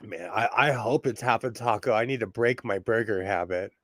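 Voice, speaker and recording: A man's voice: on the low side, moderate pace, slight background noise. A man hosting a sewing livestream from home in a chatty, self-mocking way and laughing often. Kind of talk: casual live stream chat.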